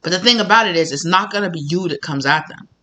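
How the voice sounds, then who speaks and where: A bright, sharp-toned tarot reader talking straight to viewers in a casual reading. The delivery is blunt and sassy, with free swearing and frequent laughs. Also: medium pitch, quick pace.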